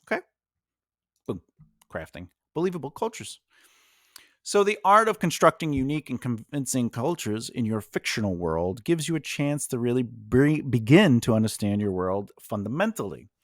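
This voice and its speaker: A man's voice: mid-range voice, big pitch swings, normal speed, no room sound, studio quality. A man from New York with a New York accent, hosting a casual writing lesson and rambling with lots of fillers. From Long Island and Brooklyn, New York. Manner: rambling, filler-heavy, conversational. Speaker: writing coach host. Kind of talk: casual teaching monologue.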